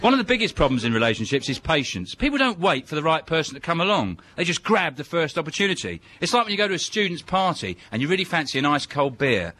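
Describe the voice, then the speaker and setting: A man delivering a dry, deadpan stand-up monologue. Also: on the high side, fast talker, few pauses, background noise. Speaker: comedian.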